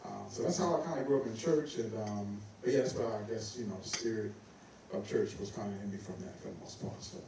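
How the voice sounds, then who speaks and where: A man, a guest saxophonist, telling stories in a lively way on stage, laughing and acting out the voices of people he quotes. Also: on the low side, quick pace, a little hiss or hum. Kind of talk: casual storytelling on stage. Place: recital hall on stage. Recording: echoey recital hall, mic from a distance.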